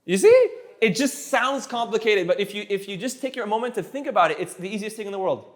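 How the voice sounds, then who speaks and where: A man teaching a casual one-on-one language lesson, patiently repeating phrases slowly so they sink in. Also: high-pitched, sing-song. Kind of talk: casual tutoring session.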